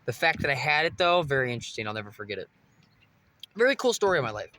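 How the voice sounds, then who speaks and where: A man's voice: mid-range voice, big pitch swings, fast talker, noisy background. A young man vlogging, telling a rambling, profane story straight to his viewers. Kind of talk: casual monologue to camera.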